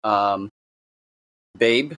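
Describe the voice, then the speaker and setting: A man's voice: lowish voice, drawn-out words, fairly bright tone, smooth, dry recording. Rambling man, dry close sound. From Boston area. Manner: rambling storyteller, many "like" fillers. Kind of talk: casual chat.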